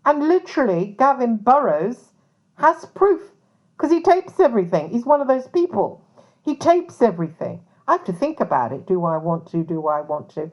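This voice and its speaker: A woman's voice: a little high, big pitch swings, normal speed, a little mellow, muffled recording. A woman who works as a private investigator, talking casually to camera in a rambling way full of asides. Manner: rambling, many fillers and asides.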